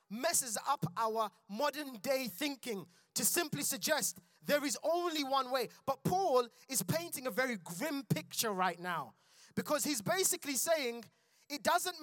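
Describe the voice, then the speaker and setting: A man's voice: very high voice, a bit bright, no echo, clean studio sound. A man preaching a sermon in church, building intensity and calling out to his congregation. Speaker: pastor.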